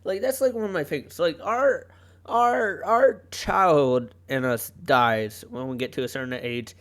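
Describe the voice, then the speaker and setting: A man's voice: on the high side, measured pace, fairly bright tone. A young man hosting a solo podcast, talking casually in a rambling way, often cutting himself off and laughing. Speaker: podcast host. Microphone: home podcast mic.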